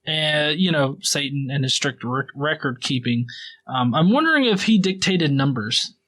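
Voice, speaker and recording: A man's voice: a little high, lively intonation, moderate pace, fairly bright tone. A man hosting a podcast, recapping the Bible in a casual, profane and sarcastic way, rambling with fillers. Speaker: podcast host.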